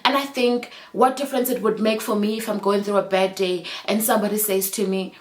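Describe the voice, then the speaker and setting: A woman's voice: medium pitch, fairly even intonation, brisk, few pauses. A woman in her thirties talking earnestly in a chat vlog, heartfelt and reflective, with fillers and restarts. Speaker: vlogger.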